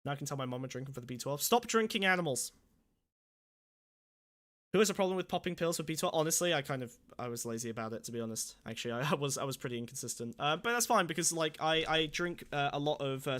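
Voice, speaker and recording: Man, sore throat, casual stream chatter, swearing rants, bright tone. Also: on the high side, lively intonation, fast. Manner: swearing, ranting, mock-angry banter. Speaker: streamer host. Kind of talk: casual livestream commentary.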